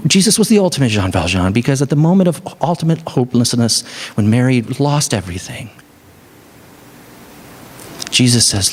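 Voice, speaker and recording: A male pastor delivering an Easter sermon in a middle-pitched voice. He preaches conversationally, leaning into stories and rising to earnest emphasis. His delivery feels like a pastor talking straight to his congregation. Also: moderate pace, long pauses. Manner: animated storytelling, conversational.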